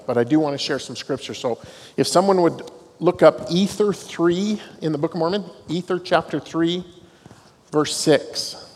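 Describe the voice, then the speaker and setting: In a big university hall with long reverb and slight background noise, a middle-aged man speaks a little high. He is the dean of students, delivering a devotional talk to students through storytelling and dry, self-mocking humor.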